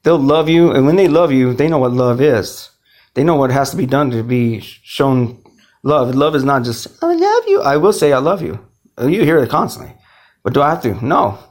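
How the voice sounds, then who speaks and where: A man's voice: medium pitch, normal speed. A man giving a rambling, emotional personal monologue, swearing often and restarting his sentences. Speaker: speaker telling his own story.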